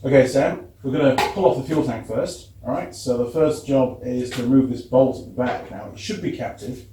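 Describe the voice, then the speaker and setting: A man's voice: medium pitch, fairly quick, background noise. A man hosting a mechanics channel, telling a story in casual workshop chat and swearing now and then.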